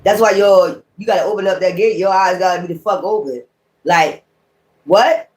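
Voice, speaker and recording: A woman's voice: mid-range voice, moderate pace, a little mellow. A woman tarot reader talking straight to her viewers in a blunt, heated rant full of cursing. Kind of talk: casual profane rant to viewers.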